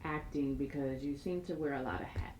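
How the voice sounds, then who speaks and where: A woman hosting an interview, asking questions in a warm, encouraging way. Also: very deep voice, fairly quick, echoey room, slight background noise, poor audio. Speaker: interview host. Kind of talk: casual interview.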